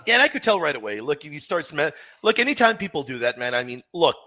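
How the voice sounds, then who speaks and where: A man's voice: a little high, big pitch swings, quick pace, pushed and bright. A man in a played clip, scoffing and incredulous, repeating his challenges in a heated debate. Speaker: show host in a played clip.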